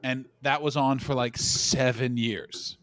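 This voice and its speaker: A man's voice: medium pitch, slow, no room sound. Dry-sounding man rambling through comic stories. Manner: animated rambling storytelling with swearing and quoted voices. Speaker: podcast co-host. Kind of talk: casual comedic chat.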